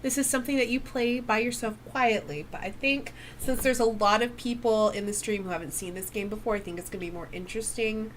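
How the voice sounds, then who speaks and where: A woman facilitating a tabletop role-playing game on a stream, chatty and quick to laugh. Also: fairly high pitch, fairly even intonation, a little hiss or hum. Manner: laughs often, chatty and upbeat.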